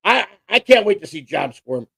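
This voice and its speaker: A man's voice: high voice, big pitch swings, moderate pace, vocal fry, fairly bright tone, husky, dry recording. A man co-hosting a casual livestream chat, rambling and boastful, repeating his words as he goes. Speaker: co-host.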